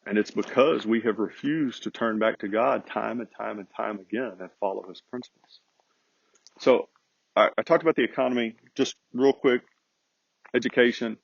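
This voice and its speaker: A man's voice: on the low side, normal speed, creaky, slightly rough, no echo. A man hosting a podcast, speaking in an earnest, preachy, emphatic monologue. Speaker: podcast host. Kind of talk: casual monologue. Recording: dull, lo-fi.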